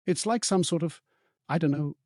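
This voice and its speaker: A man's voice: on the high side, moderate pace, a little mellow, no echo, clean studio sound, pitched above the performer's own voice, close to an everyday voice. A man voicing a wary, middle-aged campsite keeper with blunt, questioning speech in an audiobook reading.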